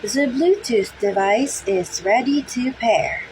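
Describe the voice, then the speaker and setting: A man's voice: very high-pitched, slow, darkish tone, slight background noise, voice pushed up, poor audio. A man voicing a chirpy young female call center agent in a comedy sketch, sweetly formal. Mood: robotic. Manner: sweetly formal, turning into a robotic device announcer. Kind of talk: comedy sketch role-play.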